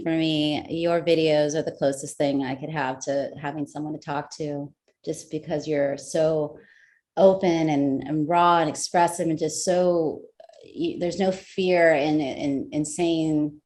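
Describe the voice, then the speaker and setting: A woman's voice: sits low, darkish tone. A woman at a spiritual meeting, speaking in a grateful, effusive way over a video call. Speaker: meeting participant. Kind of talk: casual sharing.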